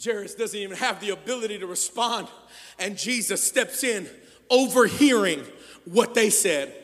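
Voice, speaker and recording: Pastor, male, sermon delivery; high, sharp voice, hushed lines building to shouts; church hall with long reverb. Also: normal speed. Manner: swings from hushed to shouted preaching.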